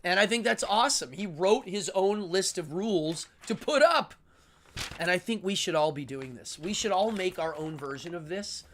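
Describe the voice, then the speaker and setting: A man's voice: high-pitched, animated, normal speed, slight background noise. Rambling, enthusiastic English-accented man. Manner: rambling and enthusiastic, many ums. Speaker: livestream host. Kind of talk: casual philosophical monologue.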